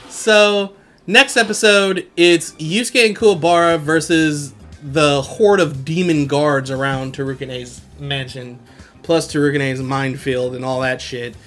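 A man's voice: on the high side, slow, soft background music. Slangy, laughing young man recapping anime. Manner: animated, slangy, laughs often. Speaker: podcast host. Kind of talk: casual anime recap chat.

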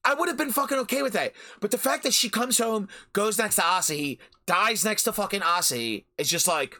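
A man hosts his podcast with a heated anime review rant, cursing freely and hammering each point twice. His pitch leaps around constantly. The tone is bright and forceful, with a punchy edge. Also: lively intonation, fairly quick, hardly any pauses. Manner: profane, heated, repeats phrases for emphasis. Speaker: podcast host. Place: home recording during a storm.

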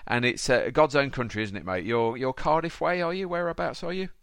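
A man's voice: medium pitch, brisk, a bit bright, smooth, no echo, clean studio sound. A man hosting a podcast, chatty and upbeat, calling his guest mate and fella. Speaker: podcast host. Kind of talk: casual podcast interview.

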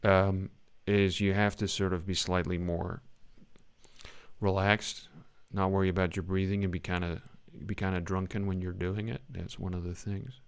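A British acting coach giving a scene critique in class. His voice sits fairly low, and he talks in an animated, emphatic way, often acting lines out to make a point. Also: normal speed, gravelly, clean tone. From Britain.

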